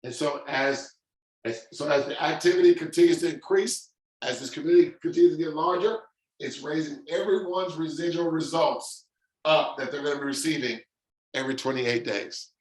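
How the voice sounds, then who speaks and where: A man giving an excited, emphatic sales pitch, stretching out his stressed words. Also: reverberant, poor audio. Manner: fired-up, emphatic, drawn-out stresses. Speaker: presenter of an online income demonstration.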